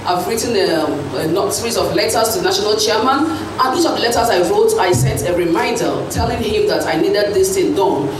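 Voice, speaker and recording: A woman politician makes a measured, firm statement. Her voice is distant and very echoey, with clear background noise. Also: mid-range voice, expressive.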